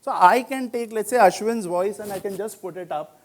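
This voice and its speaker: A man with an Indian English accent speaks at a conference in a noticeably high voice. He talks loosely and conversationally, dropping in "you know" and "like" as he walks through example stories. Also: moderate pace. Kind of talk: conference talk. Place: conference venue.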